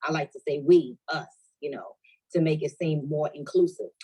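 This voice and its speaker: A woman's voice: deep voice, moderate pace, mellow, slightly rough, poor audio. A woman on a panel giving earnest, emphatic advice on presenting. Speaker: panel guest.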